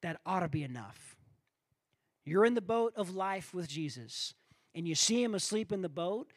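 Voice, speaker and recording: A preacher with a high-pitched voice delivers his sermon in an animated storytelling way. He acts out voices in his stories and keeps asking the congregation if they follow him. The sound is dry, with little room. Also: normal speed, dry recording. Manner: animated storytelling, acting out quoted voices, asks the crowd for responses.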